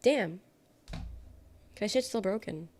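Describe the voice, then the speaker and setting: A woman's voice: mid-range voice, expressive, slow pace, darkish tone. A young adult woman live-streaming in a casual chat, reading her chat aloud and reacting bluntly, swearing freely. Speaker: livestreamer.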